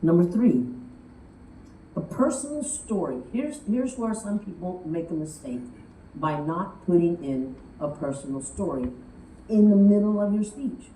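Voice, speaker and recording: Lively woman coaching speech writing. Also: fairly low pitch, a little slow. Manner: lively storytelling, acts out quotes. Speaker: public speaking coach. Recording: roomy, distant from the mic, faint noise.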